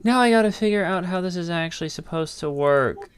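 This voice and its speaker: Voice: medium pitch, expressive, brisk, clear, resonant tone. Swearing, frustrated game streamer. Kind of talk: casual gameplay commentary.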